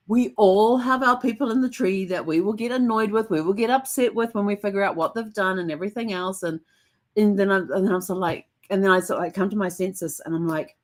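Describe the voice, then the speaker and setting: A woman hosting a genealogy channel, talking casually and animatedly, jumping up high when she acts out her own reactions. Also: moderate pace. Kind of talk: casual solo talk to camera.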